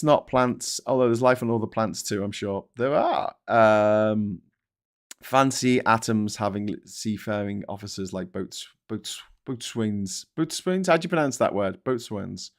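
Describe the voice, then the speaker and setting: A middle-aged British man hosts a laid-back live stream, his medium-pitched voice very animated but slow as he rambles along. He swears often and makes fun of himself while reading through comments and papers.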